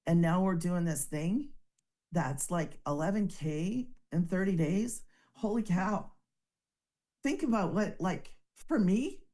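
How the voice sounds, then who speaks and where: A woman's voice: fairly low pitch, warm tone. A woman giving an earnest, emotional personal success testimonial over a video call. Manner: earnest, emotional, fast-talking storyteller. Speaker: business testimonial speaker.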